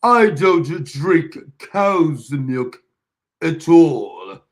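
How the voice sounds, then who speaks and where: A man's voice: a little high, very animated, exaggerated voice. A man putting on a haughty prim proper lady. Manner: slow emphatic posh enunciation. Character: prim haughty proper woman, nose in the air.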